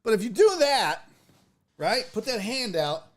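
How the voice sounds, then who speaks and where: High-pitched guy host doing a loose reaction bit, cussing a lot and doing goofy voices. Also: unhurried. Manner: animated, profane, mimics people in high voices. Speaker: show host. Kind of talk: casual reaction commentary.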